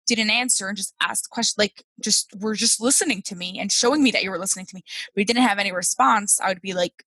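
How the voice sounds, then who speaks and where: A woman's voice: mid-range voice, sharp tone, no room sound, low-quality recording. A woman hosting a podcast, chatting casually, asking questions and laughing easily, with a lot of "like" in her speech. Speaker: podcast host. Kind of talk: casual interview chat.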